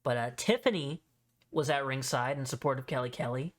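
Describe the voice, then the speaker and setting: A man riffing alone on his podcast in a loose, casual recap. He rambles and circles back on himself, drops plenty of fillers and tosses in a curse now and then. His voice sits at an ordinary middle pitch. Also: brisk. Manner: rambling, filler-heavy, swears offhandedly. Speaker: podcast host.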